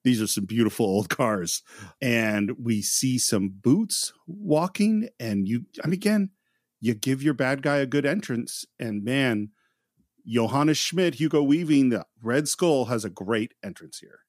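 A man's voice: mid-range voice, sing-song, a little slow, no room sound, clean studio sound. A man co-hosting a film podcast who recaps scenes in a chatty way with playful asides. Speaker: podcast co-host. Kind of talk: casual film discussion.

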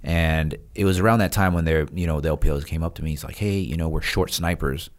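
A retired Navy SEAL, appearing as a podcast guest, tells stories casually in an extremely low voice, talking fast. He's animated and acts out the voices of the people he quotes.

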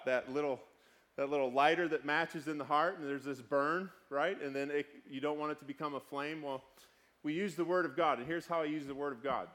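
A male pastor in his thirties preaching a conversational sermon, swinging between sudden loud outbursts and quiet, hushed passages. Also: on the high side.

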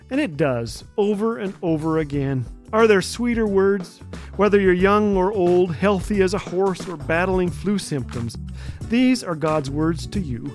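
An older man hosting a radio show, delivering a humorous monologue as playful storytelling with quick punchlines. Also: sits high, soft background music.

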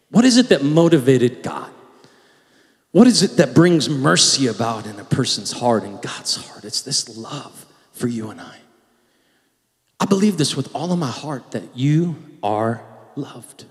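A man preaching a sermon as pastor, moving between hushed, pleading passages and loud, shouted declarations. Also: mid-range voice, big pitch swings, measured pace. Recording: long hall reverb.

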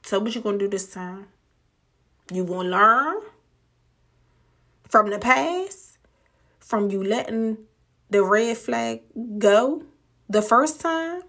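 A woman hosting a podcast, giving a blunt, profane motivational monologue with emphatic, drawn-out words. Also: mid-range voice, expressive, fairly bright tone. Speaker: podcast host.

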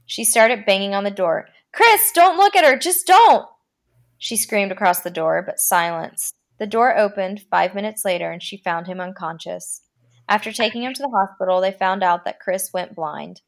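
Her voice is mid-range and gravelly as this woman podcaster narrates a scary story with theatrical flair, drawing out the unsettling moments.

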